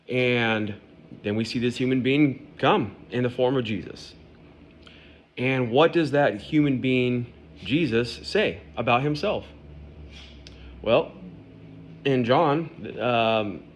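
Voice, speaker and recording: Male podcast host, mid-pitched, talks informally to listeners from home, faint hiss behind. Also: a little slow. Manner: conversational, addresses listeners directly. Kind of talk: casual podcast monologue on faith. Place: at home with his dog.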